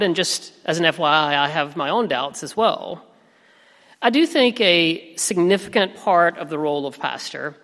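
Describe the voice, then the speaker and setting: A man in his thirties preaching a sermon as pastor, telling a family story in a gentle, reflective way. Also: a little high. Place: church sanctuary. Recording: reverberant sanctuary.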